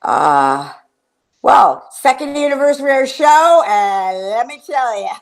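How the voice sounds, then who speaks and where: A woman co-hosting a show in casual chat, excitable and rambling as she tells stories. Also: high voice, measured pace, gravelly. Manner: bubbly, excitable, rambling storyteller. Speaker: podcast co-host.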